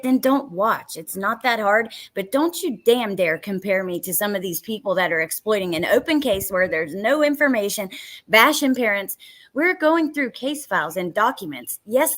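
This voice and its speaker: A woman's voice: medium pitch, expressive, normal speed, hardly any pauses, a bit bright. An exhausted woman hosting a live stream, chatting casually, blunt and frustrated, swearing now and then and greeting viewers by name. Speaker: true crime live stream host.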